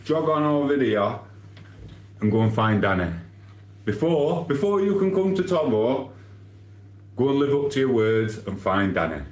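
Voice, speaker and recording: A man's voice: mid-range voice, big pitch swings, normal speed, long pauses, reverberant. A man from England with a Sheffield accent, chatting casually on a live stream, reading viewer comments with rambling banter and laughs. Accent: Sheffield, Yorkshire.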